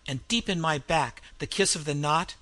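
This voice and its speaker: A man's voice: moderate pace, pushed and bright. Man playing a roaring, mad old innkeeper. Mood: raving. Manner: roaring, wild laughter, raised pitch. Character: insane vengeful male innkeeper, roaring.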